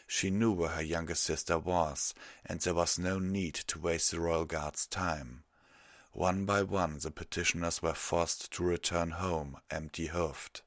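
A man narrating a fan fiction story aloud in a measured, even way. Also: sits low, dry recording, clean studio sound. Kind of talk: audiobook reading of fan fiction.

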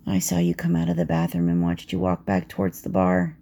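A woman telling an intimate second-person romance story in a soft voice that slips into whispers. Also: very deep voice, sing-song, fairly quick, gravelly.

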